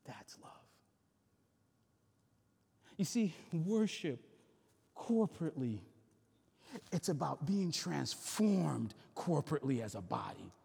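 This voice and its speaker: Pastor, male, slightly high and husky, passionate repetitive sermon delivery, long church-hall reverb. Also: sing-song, slow, long pauses, a little mellow. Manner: impassioned, repetitive preaching that builds in intensity. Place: church sanctuary.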